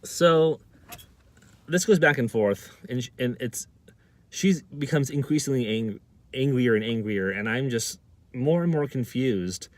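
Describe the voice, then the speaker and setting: A man's voice: medium pitch, expressive, measured pace, no echo. A man vlogger telling a personal story to camera, often stammering and repeating words.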